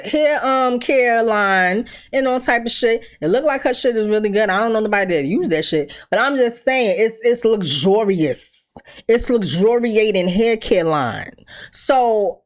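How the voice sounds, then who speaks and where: A woman hosting a casual gossip commentary show, talking in an animated, profane, chatty way. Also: medium pitch. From New York. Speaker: host.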